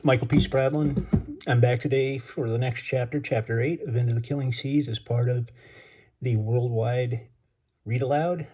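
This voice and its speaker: A man, an author and educator, reading a chapter of his novel aloud in a relaxed, casual way. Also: medium pitch, moderate pace, slightly rough.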